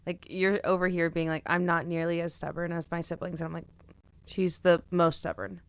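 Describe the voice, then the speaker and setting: Woman podcast co-host, lower voice, casual filler-heavy talk, dry room. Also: little pitch movement, quick pace, clean tone, no echo. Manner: casual, filler-heavy with likes and you knows. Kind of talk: casual book discussion.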